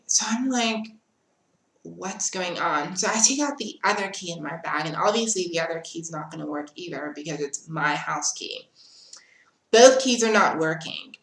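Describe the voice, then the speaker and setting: A woman vlogger telling a personal story in an animated way and acting out what other people said. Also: on the low side. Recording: roomy, echoey room.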